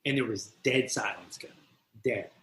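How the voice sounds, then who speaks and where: A man, a podcast guest and recovery mentor, telling his personal story in an animated, profane way and acting out the voices of people in it. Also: on the low side, moderate pace. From New Jersey. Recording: roomy echo.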